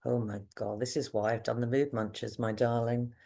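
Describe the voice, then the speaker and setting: A middle-aged woman with a low voice, talking as a guest on a podcast. She tells her stories with lots of expression and swings her voice up high for emphasis. Her tone is conversational and heartfelt. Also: moderate pace, vocal fry. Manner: expressive, animated storytelling with big pitch jumps. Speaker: podcast guest, parenting coach. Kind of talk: conversational interview.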